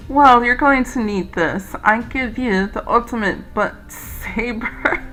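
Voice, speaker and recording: A woman voicing a calm, motherly tea-room lady who speaks in a gentle, measured way. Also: on the high side, faint music behind, low-quality recording.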